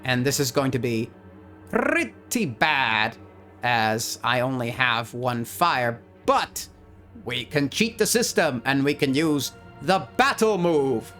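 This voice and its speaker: A man narrating his solo tabletop role-playing game and reading out rules, who gets excited by dice rolls. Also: mid-range voice, slow pace, faint music behind. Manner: excitable, laughs at dice results.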